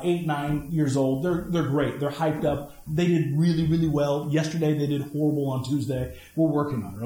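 A man's voice: fairly high pitch, a little mellow. A male pastor preaching a sermon with energy, repeating phrases for emphasis. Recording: echoey room.

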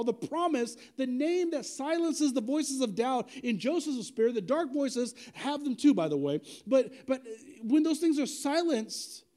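A male pastor preaching a sermon in an animated, conversational way, using slang and asking the congregation direct questions. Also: very high voice.

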